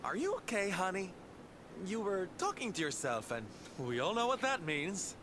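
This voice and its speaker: A man's voice: high-pitched, sing-song, moderate pace, noisy background. An actor playing a flamboyant male entertainer in a video game, theatrical and sing-song in manner. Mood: teasing. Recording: game audio with music behind.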